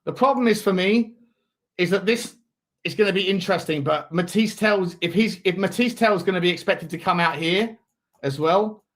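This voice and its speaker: A man's voice: high voice, normal speed, a bit bright. A man hosting a live football watch-along, chatting in a rambling way and reading out viewer messages. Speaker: host.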